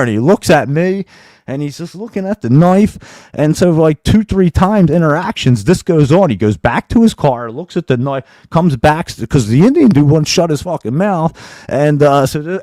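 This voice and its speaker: A man's voice: on the high side, normal speed, no room sound. Guy on his live show telling a crazy story, curses a lot, laughs along, dry close sound. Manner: profane, animated, laughs through his story. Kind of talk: casual storytelling.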